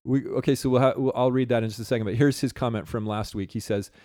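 Mellow-voiced podcast host reading comments. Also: male voice, mid-range voice, fairly even intonation, quick pace, no echo, clean studio sound. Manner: rambling, reads listener comments aloud. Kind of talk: casual chat.

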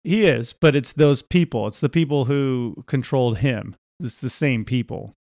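A man's voice: medium pitch, moderate pace, a little mellow, no echo. Co-host, casual male, hesitant delivery, dry close sound. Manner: hesitant, filler-heavy. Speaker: podcast co-host. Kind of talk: casual conversation.

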